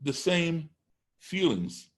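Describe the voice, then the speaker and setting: Speaking very slowly in a slightly high, sing-song voice, this middle-aged man from the United States tells a conversational story as a podcast guest. He is emphatic, building his argument in steps and playing out exchanges from a classroom.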